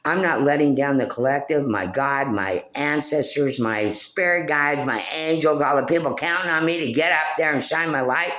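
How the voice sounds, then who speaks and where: A woman's voice: deep voice, moderate pace, hardly any pauses. An older woman from Oregon talking into her phone, rambling through an emotional spiritual monologue. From Portland, Oregon. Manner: emotional, preachy, swings between soft and loud; talks baby-talk to her dog. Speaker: vlogger.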